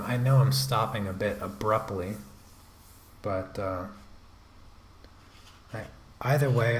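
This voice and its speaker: Drawing live for his channel, a man talks casually to himself with a fairly low voice, the recording carrying a little hiss or hum. He sounds like he's at his home desk, wandering through thoughts, restarting sentences, and poking fun at himself.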